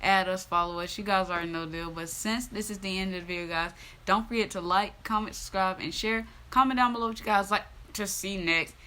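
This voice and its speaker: Bright, fast-talking woman signing off a video. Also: medium pitch, clean tone. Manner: breezy, rattling off sign-off requests. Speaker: reaction video host. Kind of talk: casual video outro.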